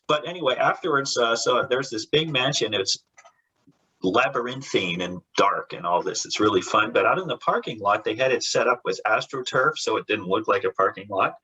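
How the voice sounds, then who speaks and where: A man's voice: mid-range voice, expressive, normal speed, bright, forceful tone, a little hiss or hum, rough recording. A man who works as a comic book artist, a guest in a casual interview. He tells rambling stories with many restarts and laughs, and briefly acts out the voices of the people in them.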